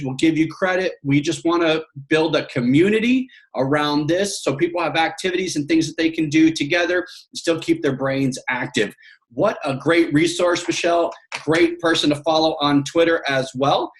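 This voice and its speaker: Male host, upbeat and encouraging, slightly high voice, casual talk. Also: moderate pace. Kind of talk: casual chat.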